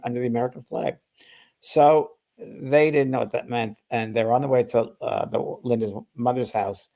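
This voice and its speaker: An older man, a spiritual medium appearing as a podcast guest, rambles through a long casual anecdote full of restarts, fillers, and acted-out quotes. His voice is medium-pitched, creaky, and dark in tone.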